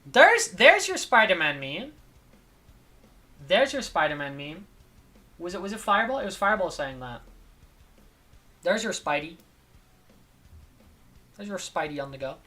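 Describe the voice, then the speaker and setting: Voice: mid-range voice, animated, normal speed, pauses often, bright, forceful tone. A laid-back livestreamer chatting casually with viewers, tired and rambling, repeating phrases with lots of filler words. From not from Spain, lives in Spain. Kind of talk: casual stream chat.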